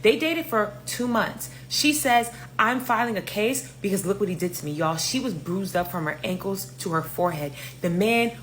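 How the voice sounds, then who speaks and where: A young woman tells a story in a casual, animated way, swearing freely and talking directly to her viewers. Her voice sits at a middle pitch. A faint hum runs under the recording. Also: moderate pace, few pauses. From New York. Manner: animated, profane, talks straight to viewers.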